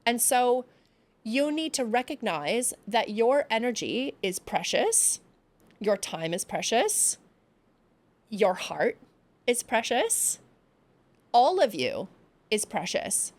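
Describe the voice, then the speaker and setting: A woman hosting her own podcast, telling a personal story in a candid, casual way, swearing freely and acting out quotes with big jumps in pitch. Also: big pitch swings, slow, long pauses. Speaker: podcast host.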